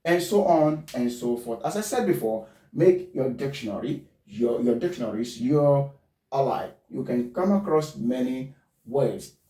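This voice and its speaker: A man's voice: mid-range voice, animated, mellow. Man teaching in an echoey room. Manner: spells out letters, repeats points deliberately. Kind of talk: pronunciation lesson. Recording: echoey room, far from mic.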